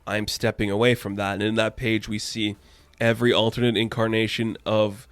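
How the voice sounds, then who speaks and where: A man's voice: on the low side, little pitch movement, normal speed, dry recording. A man recapping and reviewing a comic book issue in a loose, rambling way, full of "like" fillers. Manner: rambling, heavy use of "like" fillers.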